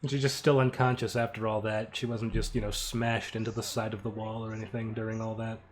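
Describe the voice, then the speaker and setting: A man's voice: fairly low pitch, level tone, a little fast. A young man giving a casual creator commentary on his own animation, offhand and self-mocking, often laughing and swearing.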